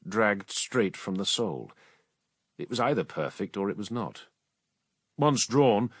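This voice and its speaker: A man's voice: lowish voice, a bit bright, no echo. Dramatic male audiobook narrator. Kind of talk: scripted narration.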